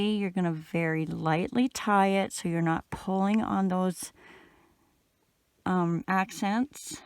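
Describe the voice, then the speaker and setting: Middle-aged woman with a gravelly voice. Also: medium pitch, no echo. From Canada. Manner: chatty and relaxed, talking while working. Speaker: crochet instructor. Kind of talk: step-by-step crafting tutorial.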